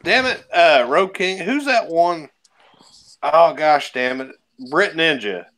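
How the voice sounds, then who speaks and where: A man's voice: a little high, slow pace. A man hosting a casual live stream chat, swearing freely and laughing a lot as he tells stories. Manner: profane, laughs often, animated storytelling.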